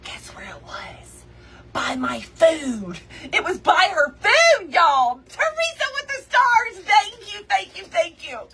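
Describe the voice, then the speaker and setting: A woman hosting a craft livestream, telling a story to her viewers in an animated, chatty way and calling them y'all and girl. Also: extremely high pitch, slow pace, vocal fry, far from the mic. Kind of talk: casual storytelling chat with viewers.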